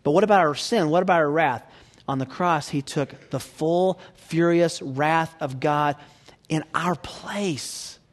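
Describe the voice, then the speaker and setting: A man preaching a sermon, swinging from hushed near-whispers to loud emphatic peaks and asking the audience rhetorical questions. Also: a little high, measured pace.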